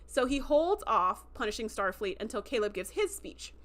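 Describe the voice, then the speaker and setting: Brief: chatty woman host, high and bright, casual recap, speaks in quoted lines. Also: very animated, moderate pace. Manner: chatty, lots of fillers and quoted dialogue. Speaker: show host.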